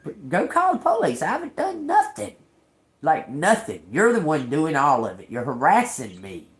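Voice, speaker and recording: A middle-aged woman on a livestream, angrily telling a personal story with lots of cursing. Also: low-pitched. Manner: agitated, profane ranting. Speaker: livestream host. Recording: roomy echo.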